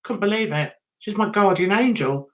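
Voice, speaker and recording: A middle-aged English woman telling a chatty, animated story on her livestream, laughing at herself. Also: mid-range voice, normal speed. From England. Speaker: YouTuber.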